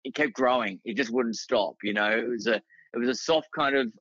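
Bright-voiced Australian man telling stories. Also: medium pitch, moderate pace, dry recording, highs cut off. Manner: rambling anecdotes with many restarts and fillers. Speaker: guest, writer and actor. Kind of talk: casual storytelling in a podcast interview.

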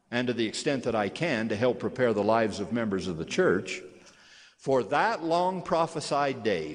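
An older man giving a sermon as a church leader, speaking slowly with solemn, emphatic testimony. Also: medium pitch. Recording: long hall reverb.

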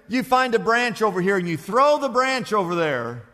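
High-voiced man preaching in an echoey hall. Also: big pitch swings, normal speed, bright, forceful tone. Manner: emphatic storytelling with repetitions. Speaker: pastor. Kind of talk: sermon.

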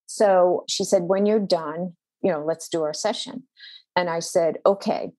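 A woman's voice: lowish voice, a little slow, darkish tone, dry recording. A woman pastor, a podcast guest, telling a personal faith story in an earnest, intense way with a shifting pace.

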